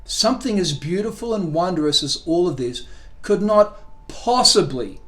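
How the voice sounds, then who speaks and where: A man voicing a calm, wise male cat who speaks in an unhurried, genteel manner, in a storybook reading. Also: sits high, exaggerated voice. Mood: serene.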